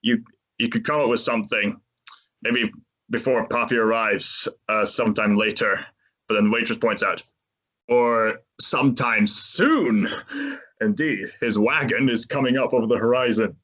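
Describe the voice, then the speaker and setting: A man's voice: mid-range voice, normal speed, a bit bright. A man hosting a podcast, retelling a movie's plot in a casual, chatty way and laughing often. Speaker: podcast host.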